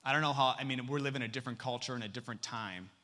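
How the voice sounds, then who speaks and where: Bright-voiced, lively male pastor. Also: mid-range voice, racing. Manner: lively and humorous, swinging between loud and hushed. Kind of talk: sermon.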